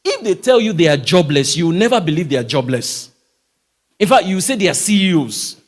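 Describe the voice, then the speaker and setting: Brief: lively male speaker, high and swooping, emphatic, quizzes the crowd. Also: fairly quick. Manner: emphatic, animated, asks rhetorical questions. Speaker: motivational speaker. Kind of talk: live talk to a church audience. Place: church hall, live audience.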